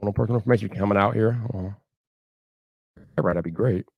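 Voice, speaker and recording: A man hosting a casual live stream, talking in an animated way, repeating himself and ranting loudly when annoyed. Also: fairly low pitch, fast talker, creaky, slightly rough, no room sound, lo-fi sound.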